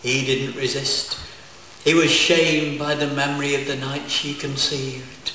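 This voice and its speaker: Deadpan guy doing comic poems live, far-off mic, huge echo, faint crowd. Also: medium pitch, measured pace, slight background noise. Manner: deadpan, wordplay-laden delivery. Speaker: comic poet. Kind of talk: live comic verse recitation. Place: live folk festival stage. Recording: echoey live hall, distant mic.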